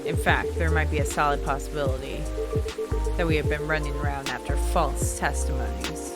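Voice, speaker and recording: A woman voicing a stern, formal male immigration officer from a video game, reading his lines aloud in a brisk official manner. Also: low-pitched, fairly even intonation, loud music behind the voice, pitched below the performer's own voice, lightly acted.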